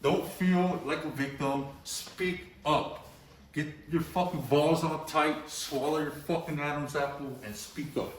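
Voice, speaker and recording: Profane street-talking storyteller, echoey and distant. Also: male voice, a little high, fairly even intonation, moderate pace, few pauses, a little hiss or hum. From Los Angeles. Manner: profane street-slang storytelling, says "bro" and "you know" a lot. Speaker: graffiti artist, interview guest. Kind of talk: casual storytelling interview. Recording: echoey room, mic at a distance.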